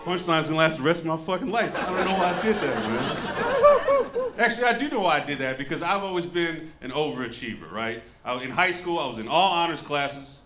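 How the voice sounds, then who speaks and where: A man in his thirties doing a stand-up set with a loud, profane, punchy delivery on a handheld mic. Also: on the high side, expressive, a little fast, very noisy. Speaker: stand-up comedian. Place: comedy club stage with a live audience. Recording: roomy live club with loud crowd. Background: audience laughter.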